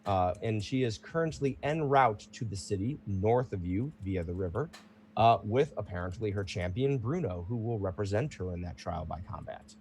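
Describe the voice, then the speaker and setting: A man narrating as game master of a tabletop role-playing game, in a relaxed way. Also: fairly low pitch, normal speed, a little hiss or hum.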